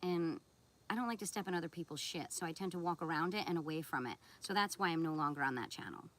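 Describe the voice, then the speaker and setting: Here the streamer's voice is low and fairly bright, and she talks fast. Responding to viewer messages, she is blunt, sarcastic and scolding, ready to pick a fight.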